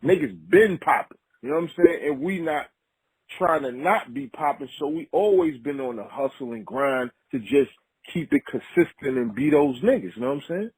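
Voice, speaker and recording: A rapper from Harlem, talking as a guest in a casual conversation, full of street slang and frequent "you know what I'm saying.". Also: male voice, on the high side, animated, normal speed, husky, no room sound, rough recording. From Harlem, New York.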